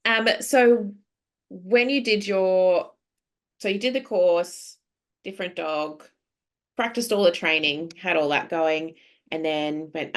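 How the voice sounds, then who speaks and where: A woman's voice: lowish voice, takes it slowly. A woman with an Australian accent hosting a podcast interview, chatty and encouraging, laughing easily. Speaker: podcast host. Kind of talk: casual interview chat.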